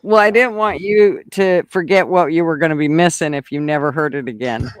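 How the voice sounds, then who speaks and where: A woman's voice: sits low, brisk. A woman in a casual political chat, bawdy and joking, with crowd noise behind her.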